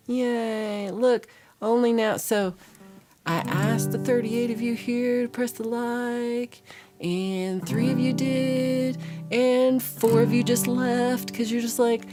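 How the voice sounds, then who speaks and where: A woman hosting a livestream, chatting casually and teasingly with her viewers. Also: fairly high pitch. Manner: playful, teasing, drawn-out delivery. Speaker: livestream host. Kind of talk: casual chat with live viewers. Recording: music playing behind.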